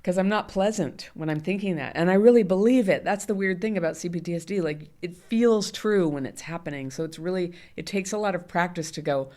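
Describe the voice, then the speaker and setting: A middle-aged woman being interviewed as a guest speaks fairly quickly with hardly any pauses, in a fairly low, dark-toned voice. She talks candidly and animatedly and laughs often.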